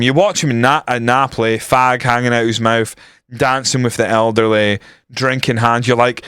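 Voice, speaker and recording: A man's voice: mid-range voice, fairly even intonation, moderate pace, a bit bright, clear, resonant tone, no echo, clean studio sound. A Scottish man streaming a football management game, chatting bluntly with lots of swearing and jokes. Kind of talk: casual gameplay commentary.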